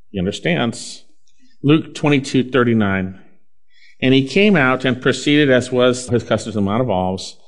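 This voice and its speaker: A man preaching a sermon and reading scripture aloud. He is earnest and moves between raised, emphatic phrases and slow, hushed ones. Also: lowish voice.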